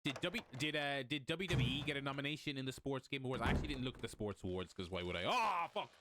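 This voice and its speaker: A man's voice: mid-range voice, quick pace, heavy background noise. A man with an Irish accent streaming a game, giving casual, rambling commentary with lots of swearing. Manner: rambling, swears a lot, laughs loudly.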